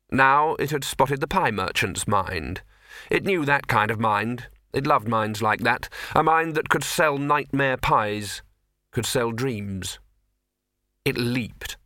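A man narrating a storybook with a lively, rising and falling delivery. His voice is bright and forward, recorded dry and close, with no room sound. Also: mid-range voice, dry recording. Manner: expressive storyteller voicing many characters. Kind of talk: audiobook narration.

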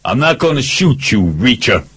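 A man voicing a hulking, desperate male gangster who shouts threats in a standoff. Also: mid-range voice, sing-song, normal speed, husky, pitched above the performer's own voice, exaggerated voice. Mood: tense.

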